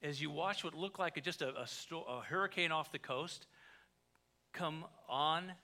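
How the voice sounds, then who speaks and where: A man, a pastor, preaching a sermon in a conversational way, with joking asides and big swings between quiet and loud. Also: fairly high pitch, moderate pace.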